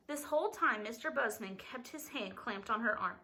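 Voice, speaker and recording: Expressive female reader for a novel, bright tone, occasional stumbles. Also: mid-range voice, a little fast, vocal fry, hardly any pauses, rough recording. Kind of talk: reading a novel aloud.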